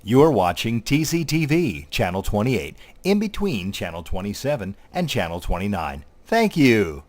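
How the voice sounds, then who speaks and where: A man's voice: lowish voice, very animated, moderate pace, hardly any pauses, a little mellow, dry recording. A man using a formal station announcer voice to sign the show on and off. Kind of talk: mock announcer delivery.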